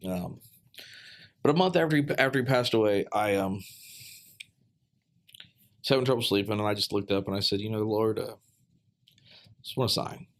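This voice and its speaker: A man telling a heartfelt personal story in a casual podcast chat, earnest and halting, with many fillers and restarts. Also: on the low side.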